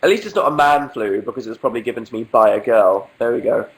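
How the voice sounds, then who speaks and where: A man's voice: mid-range voice, lively intonation, fast, rough recording. A young man from England with a cold, sniffling as he hosts a casual livestream, answering viewer questions in a dry, self-mocking way.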